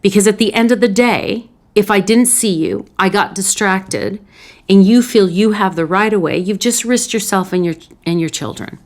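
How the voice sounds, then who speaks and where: A woman's voice: medium pitch, normal speed. A woman psychologist hosting a solo advice talk, speaking earnestly and telling stories from her own life, with some restarts along the way. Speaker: psychologist host.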